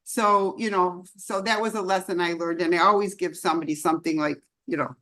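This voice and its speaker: A woman's voice: lowish voice, fairly even intonation, fairly quick, fairly bright tone. An older woman, a longtime disciple, telling personal stories in a chatty, meandering way and laughing often at a spiritual celebration. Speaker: longtime disciple sharing memories.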